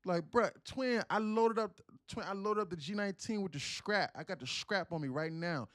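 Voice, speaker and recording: A man voicing a loud, boastful young man with a Southern US accent who talks in street slang, drawling and brash. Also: high voice, normal speed, no room sound, clean studio sound, voice pushed up. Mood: brash boasting.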